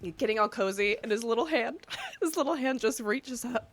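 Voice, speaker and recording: Woman podcast co-host, lively swooping voice, bright tone, laughs through her stories. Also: high-pitched, brisk, slight background noise. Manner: laughing storyteller, animated and expressive. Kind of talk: casual podcast chat.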